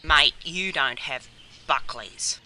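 A woman's voice: low-pitched, takes it slowly, pushed and bright, a little hiss or hum, heavily acted. A woman with an Australian accent playing a cheeky, blunt Australian woman who hurls mocking insults in slang. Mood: teasing.

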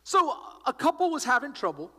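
Male pastor, sermon, high lively delivery, echoey hall. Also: brisk. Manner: exhorting, emphatic, rising to shouts. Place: church.

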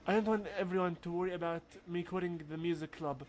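A man's voice: high voice, steady tone, fast talker, darkish tone, a little hiss or hum, lightly acted. A man reading game dialogue aloud, voicing an anxious teenage schoolboy in a put-on accent and stumbling over the lines. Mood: frustrated, resolved.

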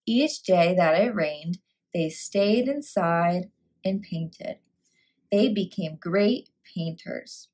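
A woman teacher reading a picture book aloud and walking through a phonics lesson, sounding out words clearly. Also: lowish voice, expressive, slow pace, darkish tone.

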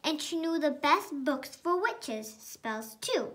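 Bright, high-voiced woman reading aloud. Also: big pitch swings, slow pace. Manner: chatty, commenting on the story. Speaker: storytime co-host. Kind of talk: reading a picture book aloud.

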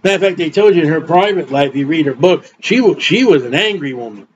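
Man preaching, higher voice, talks blunt and rambly, kinda dull lo-fi sound. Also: animated, quick pace, a little hiss or hum. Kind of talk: informal sermon. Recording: dull lo-fi recording.

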